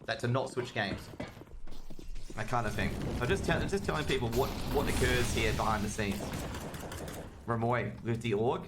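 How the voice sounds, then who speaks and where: A man with an Australian accent doing live solo commentary of a video game match, chatty and quick, getting excitable on big plays and joking with his chat. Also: medium pitch, heavy background noise. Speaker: esports caster.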